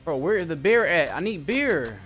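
A man's voice: fairly high pitch, big pitch swings, moderate pace, fairly bright tone, muffled recording, soft background music. A young man cursing and ranting in exasperation while playing a game, in loose casual gameplay commentary. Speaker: gamer.

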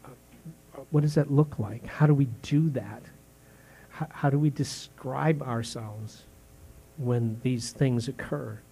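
A man playing a pastor in his fifties delivers a sermon in a mid-pitched voice that sounds more like conversation than oratory. He circles his point with repeated questions, false starts and fillers. He turns hushed and slow on painful words, then climbs in pitch and force when he is indignant. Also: vocal fry, breathy edge. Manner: drops soft and slow on grave words, rises sharply when indignant.

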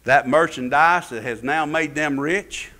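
Preacher man, high and piercingly bright, fervent, rises to loud peaks then drops low. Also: unhurried. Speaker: pastor. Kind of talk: sermon.

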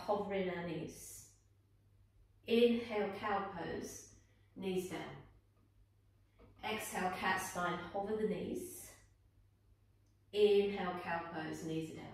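A woman yoga teacher calmly talking students through a guided flow, with gentle encouraging cues. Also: medium pitch. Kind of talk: guided yoga class instruction. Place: indoor room, teacher on her mat. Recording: echoey room, voice from a distance, faint background noise.

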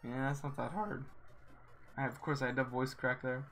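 A man's voice: mid-range voice, steady tone, normal speed, fairly bright tone, faint music behind. A man commenting casually on his gameplay while streaming live, swearing and exclaiming in frustration.

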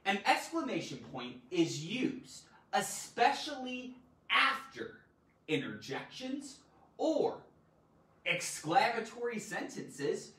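A woman teaching a live online grammar lesson, animated and theatrical, with loud exclamations. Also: lowish voice, echoey room, recorded from a distance, low-quality recording.

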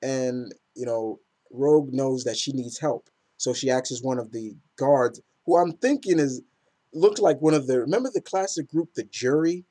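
A man's voice: mid-range voice, normal speed, dark tone. A man casually reviewing comic books in a rambling, enthusiastic way with many fillers.

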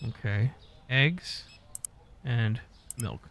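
Man, gravelly voice, casual gameplay commentary, swears a lot, mock-scolds characters, faint hiss behind. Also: medium pitch, drawn-out words, fairly bright tone. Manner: profane, talks to game characters, mock-scolds customers and staff. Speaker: gaming YouTuber.

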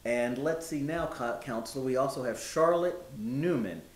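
A man in a historical reenactment, playing someone who respectfully reports news of freed neighbors, listing facts in a measured way with many pauses and ums. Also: lightly acted. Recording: roomy with faint low rumble.

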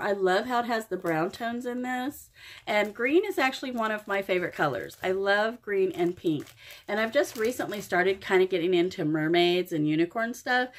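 A middle-aged woman from Oklahoma gushing over craft supplies in an unboxing vlog, exclaiming often. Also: mid-range voice. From Oklahoma, USA. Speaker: crafting vlogger. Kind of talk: happy mail unboxing vlog.

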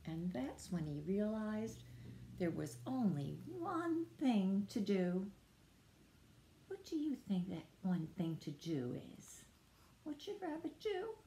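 A woman librarian reading a picture book aloud to preschoolers in a sing-song voice, pausing to ask the children questions. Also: mid-range voice, big pitch swings, warm tone, slight background noise. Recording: roomy echo.

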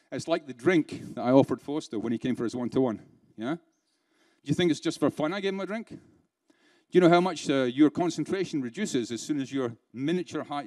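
A British man delivers a live keynote at a conference in a conference room, speaking conversationally with rhetorical questions and dry sarcasm. His voice is medium-pitched and darkish, and the recording is dry.

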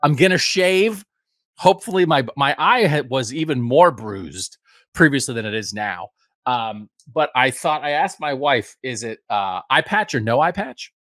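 A man's voice: medium pitch, expressive, measured pace, fairly bright tone, no echo, clean studio sound. A man in his fifties, a podcast host giving a casual, rambling, self-deprecating update from home. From United States. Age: 50s.

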